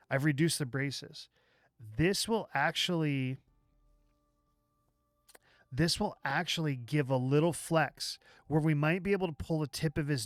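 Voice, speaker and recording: A man hosting a livestream, walking through software live while thinking aloud, with halting restarts, and chatting with viewers as he works. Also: a little high, no echo, clean studio sound. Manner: chats with viewers while working. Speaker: livestream host.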